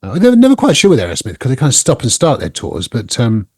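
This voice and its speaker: A man co-hosting a rock podcast, talking in a rambling, halting way with many restarts. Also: medium pitch, wildly swooping pitch, a little mellow, breathy edge, no room sound. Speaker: podcast co-host. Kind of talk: casual chat.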